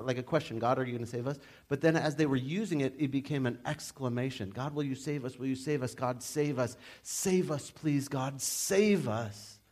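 A young adult man preaching a sermon as pastor, in a casual, animated way with frequent restarts. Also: medium pitch.

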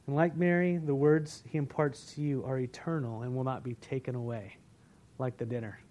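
A man preaching a sermon as pastor, earnest and building, then easing into a soft, reflective prayer. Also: mid-range voice, fairly even intonation, normal speed. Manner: earnest preaching, rising and falling in intensity.

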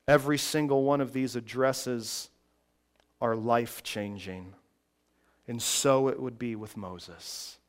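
Slow, resonant male preacher. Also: mid-range voice. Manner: builds from quiet reflective passages to loud emphatic preaching. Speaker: pastor. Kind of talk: sermon.

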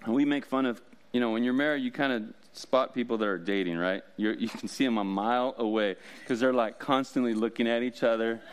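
A man's voice: medium pitch, a little fast, few pauses, a little hiss or hum. A man preaching a sermon as pastor, in a casual, joking way with frequent laughs.

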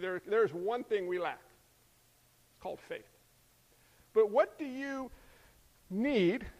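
A man preaching a sermon as pastor, lively and joking, peppering the congregation with rhetorical questions. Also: high voice. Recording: long hall reverb.

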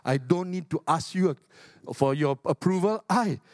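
An older man, a retired pastor, preaching a sermon with emphatic, repetitive phrasing and big swings in pitch. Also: unhurried, no room sound, studio quality.

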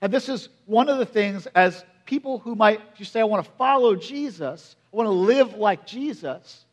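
A pastor in his forties delivers a sermon in a conversational style, frequently putting questions to the congregation. His voice is high and expressive at a moderate pace, and at emotional points he drops to a hushed, quiet tone.

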